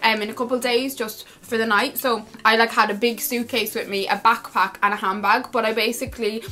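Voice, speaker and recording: A woman's voice: fairly high pitch, steady tone, fairly quick, pushed and bright. A young woman with an Irish accent, chatting casually while eating and telling a story, with lots of 'like' fillers. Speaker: vlogger and host.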